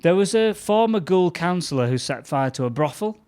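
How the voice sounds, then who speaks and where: Young guy chatting on a podcast, laughs a lot, gets animated telling stories. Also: high-pitched, brisk, clean tone. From England. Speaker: comedian guest. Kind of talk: casual chat.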